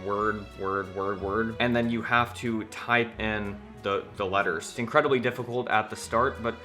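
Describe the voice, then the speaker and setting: A man's voice: on the low side, fairly even intonation, normal speed, bright, forceful tone, soft background music. A young man with an American accent, talking casually and rambling a little in a home vlog, poking fun at himself. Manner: chatty, rambling, self-deprecating. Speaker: vlogger.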